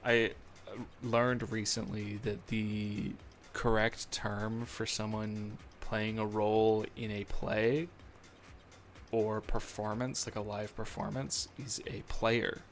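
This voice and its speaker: A man's voice: lowish voice, flat delivery, slow pace. A young man chatting casually on a live stream, rambling and joking at his own expense with lots of fillers. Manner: rambling, self-deprecating, filler-heavy. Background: faint music.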